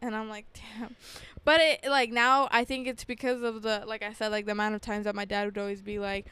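A young woman co-hosting a casual podcast, telling childhood stories in an animated way and acting out what others said. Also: mid-range voice, a little fast, clean tone. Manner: storytelling, animated, acting out quotes. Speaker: podcast co-host. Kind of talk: casual chat.

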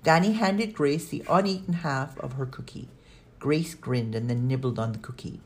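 A woman narrating a children's audiobook in a steady storytelling manner. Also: extremely low pitch, moderate pace.

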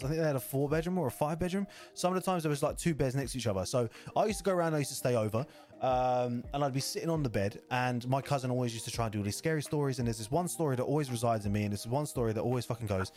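A man's voice: mid-range voice, a little mellow. A young man telling a rambling childhood story in a casual chat, swearing freely.

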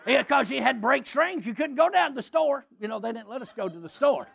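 A preacher tells a story in his sermon with gusto, often breaking into shouts. His voice is gravelly and forceful, with a husky edge. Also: very high-pitched, a little fast. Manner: animated, often shouting and laughing while telling a story.

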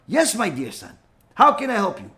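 A man voicing a humble, patient old sage who answers softly and calls the other man his son. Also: high voice, moderate pace, heavily acted. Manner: soft, calm, fatherly.

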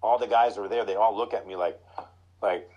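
A middle-aged man with a low, husky voice tells stories from his hockey career. He talks casually and animatedly, and jumps into high voices whenever he quotes someone. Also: steady tone, moderate pace, dark tone, muffled recording. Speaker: former pro hockey player, guest. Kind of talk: casual storytelling.

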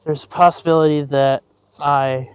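A man's voice: fairly high pitch, steady tone, normal speed, smooth, no room sound, dull audio. A man hosting a podcast, rambling apologetically while hot and breathing heavily outdoors in a yard, recorded without his usual headset. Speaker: podcast host. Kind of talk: casual rambling monologue. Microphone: not his usual headset.

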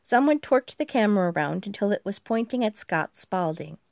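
A woman narrating an audiobook in a steady, even storytelling manner. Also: mid-range voice, fairly quick, dry recording, studio quality. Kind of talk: scripted narration.

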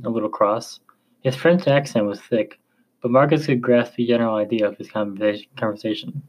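A man narrating a chapter of a story in a slow, measured reading voice. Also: mid-range voice, steady tone, darkish tone, poor audio.

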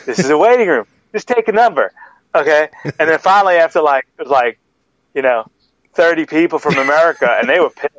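A man playing the ghost of a loud older male baseball announcer in a comedic impression sketch, boisterous and rambling. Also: a little high, fairly quick, no room sound, natural voice. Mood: brash. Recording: dull lo-fi podcast audio.

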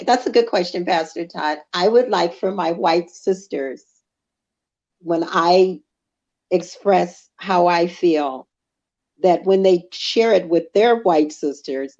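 A woman's voice: on the low side, muffled recording. A woman from the church talking casually and emphatically, her voice leaping up to stress words. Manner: animated, emphatic, voice jumps up for stress. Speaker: church member guest. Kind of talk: casual conversation.

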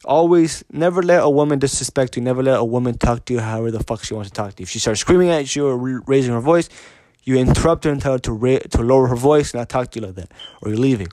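A man's voice: medium pitch, fast, warm tone, no echo. Blunt, profane man talking off the cuff. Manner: repetitive, profane, keeps asking "you know what I mean"; blunt and insistent, restarts sentences often. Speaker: podcast host giving dating advice. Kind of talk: casual unscripted monologue.

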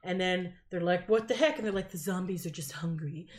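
A woman's voice: on the low side, a little fast. Woman, casual chat, chiming in, finishing others' sentences. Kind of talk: casual movie recap chat.

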